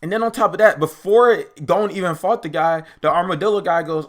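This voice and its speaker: Rambling, argumentative young man with a higher voice. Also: a little fast, few pauses. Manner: rambling, filler-heavy, argumentative. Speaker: anime reaction commentator. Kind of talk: casual unscripted commentary.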